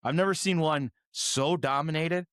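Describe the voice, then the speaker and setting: A man's voice: a little high, normal speed, fairly bright tone, clear, resonant tone, dry recording, clean studio sound. A man co-hosting a hockey podcast, talking casually and rambling with lots of "like" and frequent laughs. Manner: rambling, heavy use of "like", laughs often. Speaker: podcast co-host. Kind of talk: casual sports chat.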